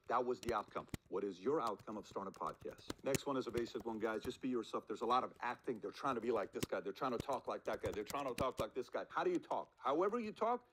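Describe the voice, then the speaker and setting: A man's voice: medium pitch, a bit bright, a little hiss or hum, low-quality recording. A man hosting a podcast, giving motivational advice with punchy rhetorical questions and acted-out quotes. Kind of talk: motivational talk.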